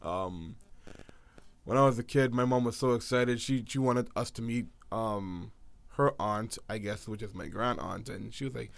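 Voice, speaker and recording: A man casually telling a story, acting out quotes and swinging between hushed and loud. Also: mid-range voice, unhurried, gravelly, clear, resonant tone, no room sound.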